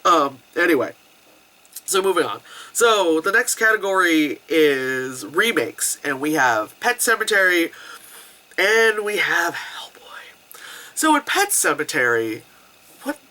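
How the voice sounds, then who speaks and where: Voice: medium pitch, big pitch swings, a little slow, bright, forceful tone. A film reviewer in their thirties ranting casually about movies, chatty and swearing, with lots of fillers. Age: 30s. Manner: chatty, swears, full of fillers and bits of mock voices. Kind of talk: casual rant-style review.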